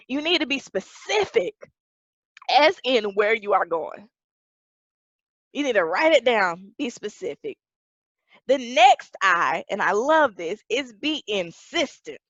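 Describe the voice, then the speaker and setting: A woman pastor preaching an emphatic sermon that rises to shouts. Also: fairly high pitch, big pitch swings, measured pace, no echo, lo-fi sound.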